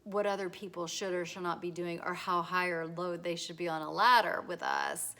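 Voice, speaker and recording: A woman giving a casual talk, acting out short dialogues in lively voices and often repeating herself. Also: on the low side, moderate pace. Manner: acts out little dialogues in bright voices; repeats words, restarts, fillers. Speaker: teacher.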